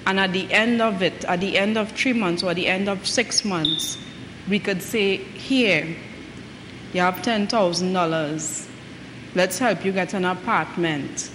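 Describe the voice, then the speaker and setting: A woman's voice: lowish voice, a little slow. A woman, a clinical director on a panel, speaking earnestly in local dialect. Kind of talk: studio panel interview. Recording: reverberant studio with clear noise.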